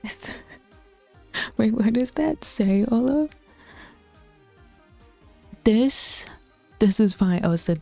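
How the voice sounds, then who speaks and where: A woman with a New Zealand accent chatting casually with her viewers as a Twitch streamer, bluntly teasing and slipping into soft whispered asides. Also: on the high side, expressive, extremely slow, gravelly, long pauses, soft background music.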